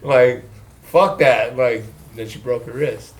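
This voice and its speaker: A man's voice: mid-range voice, slow pace. A man from San Francisco telling loose, profane stories in casual chat, acting out the people he quotes.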